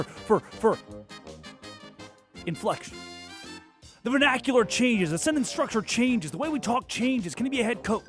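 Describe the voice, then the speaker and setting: A man hosting a sports talk show, ranting in a mocking tone that swings between loud and soft, fast and slow. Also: extremely high pitch, very animated, music in the background. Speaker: sports radio host.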